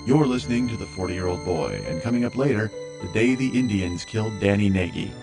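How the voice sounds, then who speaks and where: Low-voiced man announcing a trailer. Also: animated, fairly quick. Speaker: promo announcer. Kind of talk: dramatic trailer narration. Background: music.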